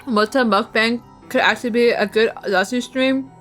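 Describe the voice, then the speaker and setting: A woman's voice: a little high, fairly even intonation, moderate pace, fairly bright tone, faint music behind. A young woman streamer chatting casually with her viewers, rambling and giggly, talking while she eats.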